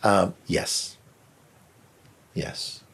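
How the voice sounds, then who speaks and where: A man giving a soft, unhurried spiritual talk as a teacher answering a question. He often trails into a whisper and gently repeats words for emphasis.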